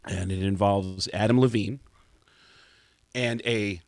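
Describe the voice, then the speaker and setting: A male comedian telling a story as a radio guest, animated and full of quick restarts. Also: fairly low pitch, dry recording. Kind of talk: radio talk show storytelling.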